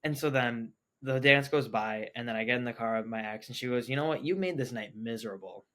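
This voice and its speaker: A young man in casual podcast conversation, recounting his own story. He talks in a mid-range voice, full of "like" and quoted dialogue. The delivery stays loose and animated. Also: mid-range voice, quick pace. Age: young adult. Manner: animated, quotes himself, heavy use of "like". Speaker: podcast guest.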